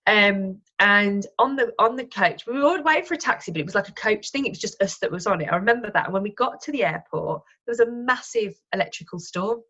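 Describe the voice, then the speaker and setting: A woman's voice: medium pitch, lively intonation, fast talker, few pauses, sharp tone, highs cut off. A woman, a wellness coach, chatting as a guest in an interview and telling personal stories with many restarts and self-corrections. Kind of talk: casual conversational interview.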